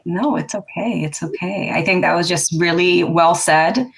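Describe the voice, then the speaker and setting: A woman's voice: lowish voice, moderate pace, gravelly. A woman co-hosting a podcast, talking casually in an earnest, emphatic way. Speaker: podcast co-host. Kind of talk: casual conversation.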